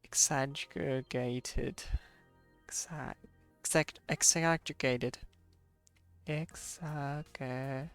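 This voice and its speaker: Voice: mid-range voice, sing-song, normal speed, fairly bright tone, soft background music. A streamer reading a game story aloud, stumbling over hard words and adding chatty asides.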